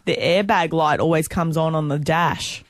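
A radio co-host, teasing and quick with jokes while reading out news items. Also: mid-range voice, steady tone, no room sound. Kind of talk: casual on-air banter. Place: radio studio.

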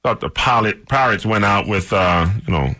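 A man's voice: fairly low pitch, expressive, normal speed, sharp tone, no room sound. A man co-hosting a sports radio show, chiming in with wry, skeptical remarks. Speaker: radio co-host. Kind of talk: casual radio banter.

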